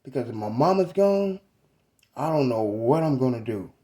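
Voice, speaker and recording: A man in his thirties telling a personal story about his mother in a reflective, halting, casual way. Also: medium pitch, expressive, warm tone. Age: 30s.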